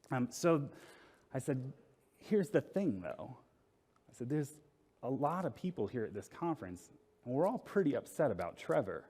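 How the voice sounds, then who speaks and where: A man's voice: mid-range voice, lively intonation, normal speed. Wry man telling a story in a hall. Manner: casual and wry, with lots of fillers. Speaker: conference speaker. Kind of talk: storytelling talk. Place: conference hall.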